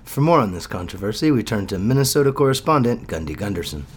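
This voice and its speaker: A man's voice: on the low side, big pitch swings, fast talker, husky. A man anchoring a satirical news segment in a straight-faced way.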